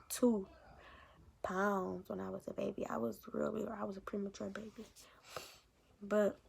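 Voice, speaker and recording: A woman's voice: mid-range voice, creaky, a little mellow, husky. A young woman vlogging, casually telling a long personal story to her viewers in slangy, rambling talk, calling them y'all.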